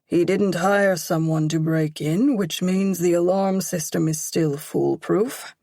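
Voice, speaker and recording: A woman narrator voicing a calm, wry, cynical man in an audiobook. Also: on the low side, slow pace, no room sound. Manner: wry, detached.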